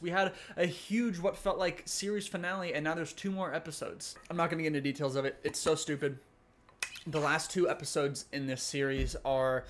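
A young man giving a rambling, exasperated casual review of an animated series, full of fillers. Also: fairly high pitch. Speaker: YouTube reviewer.

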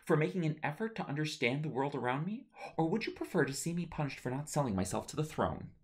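A man reading his own novel aloud, voicing a defiant young princess with a fiery temper and sharp retorts. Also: low-pitched, big pitch swings, brisk, vocal fry, voice pushed up, heavily acted. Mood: fierce. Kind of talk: audiobook narration.

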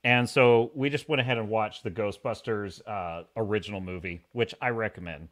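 A man hosting a live-streamed podcast, reading viewer comments in a jokey, animated way and laughing often. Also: lowish voice, moderate pace. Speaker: podcast host.

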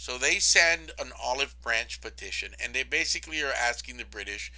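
Casual, lively male history lecturer. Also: normal speed, few pauses, low-quality recording. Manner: casual, animated storytelling with frequent "okay?" and "I mean"; voices historical figures in a low, mumbled aside. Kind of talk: recorded college lecture.

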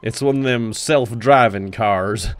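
A young man giving comedic gameplay commentary, swinging from dry asides to sudden high-pitched yelps. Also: unhurried, clear, resonant tone. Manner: excitable, jumps into high yelps. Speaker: gaming YouTuber.

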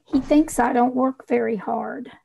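A woman's voice: fairly high pitch, fairly even intonation, measured pace, creaky, dark tone, breathy edge, heavily acted. A woman playing a timid young tavern worker who talks in a meek, anxious way.

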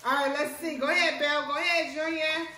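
A woman, a mother hosting a casual family food challenge, talking loudly and coaxing her kids while her mouth burns from spicy snacks. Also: high voice, quick pace, distant mic, very noisy. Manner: lively, loud, coaxing the kids. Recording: echoey room, voice off-mic.

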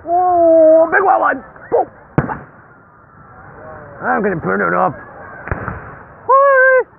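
A young man with a very high, light voice chats excitedly while filming fireworks outdoors. He laughs a lot and cheers at the bangs. The sound is thin and phone-like, with loud crackling fireworks behind him. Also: normal speed, gravelly. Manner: excitable, laughs often, whoops at bursts. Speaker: YouTuber filming a fireworks show. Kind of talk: casual handheld commentary. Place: outdoors at a street fireworks show. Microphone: handheld phone camera. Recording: tinny phone audio with loud firework noise.

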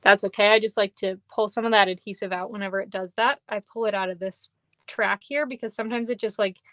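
A woman's voice: mid-range voice, dry recording. A young woman from Minnesota, chatty and upbeat, demonstrating card-making on a live stream and reading viewer comments aloud, sounding a bit tired. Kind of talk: live stream craft demo. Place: air-conditioned basement.

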